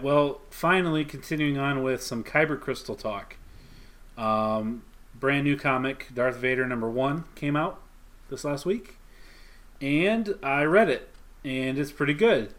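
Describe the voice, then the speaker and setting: A podcast co-host with a medium-pitched, fairly bright voice casually recaps a comic scene by scene. Along the way he quotes the characters' lines.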